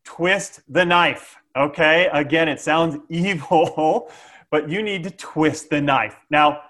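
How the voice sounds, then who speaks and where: A man giving a lively, jokey sales training talk, often checking in with "okay?". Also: on the high side, slow pace.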